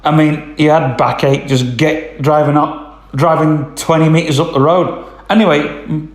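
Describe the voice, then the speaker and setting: A man's voice: on the high side, steady tone, a little slow, roomy sound. A man telling a long casual story, rambling with lots of ums and "I says". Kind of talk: casual spoken anecdote.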